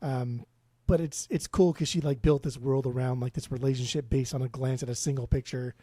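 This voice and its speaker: Blunt, sweary man with a dark tone. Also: medium pitch, steady tone, fairly quick, husky, dry recording, clean studio sound. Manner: blunt, swears freely, stammering restarts. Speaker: podcast co-host. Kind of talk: casual music podcast chat.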